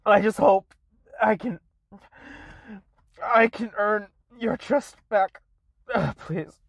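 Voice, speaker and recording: A young woman making a tearful apology video, close to tears, halting and restarting her sentences as she apologizes again and again. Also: medium pitch, gravelly, dry recording. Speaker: content creator.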